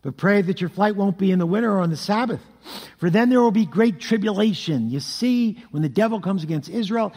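A man preaching a sermon, telling scripture stories in an animated way with vocal sound effects. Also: high voice, fairly quick. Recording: long hall reverb.

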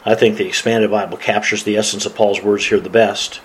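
A man's voice: on the low side, level tone, fairly quick, few pauses, rough recording. A man preaching as a pastor, reading scripture aloud and laughing often. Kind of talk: sermon.

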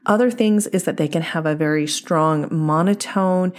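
A woman dating coach speaking a podcast monologue in a steady, explanatory and measured way. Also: low-pitched.

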